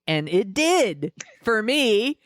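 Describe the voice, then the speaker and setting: A woman hosting a podcast in casual, animated chat, joking and swearing freely. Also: medium pitch, very slow, no echo, studio quality. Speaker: podcast host.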